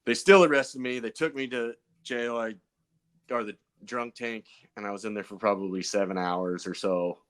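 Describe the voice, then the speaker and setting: A man's voice: lowish voice, fairly even intonation, normal speed, smooth. A man, a pro BMX racer guest on a podcast, telling stories in a loose, rambling way full of fillers and restarts. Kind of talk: casual podcast storytelling.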